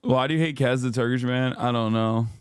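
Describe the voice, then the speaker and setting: Man, livestream host, profane rant to viewers, frequent laughs, clear resonant voice, dry close mic. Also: medium pitch, brisk, dry recording. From lives in California. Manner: profane, ranting, laughs often. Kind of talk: casual livestream chat reacting to viewers.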